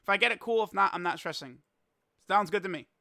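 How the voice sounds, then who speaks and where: High, bright, exasperated young man. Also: quick pace, gravelly, no room sound. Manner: exasperated, laughing, rambling with stammered restarts. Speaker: gaming YouTuber. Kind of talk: casual reaction commentary.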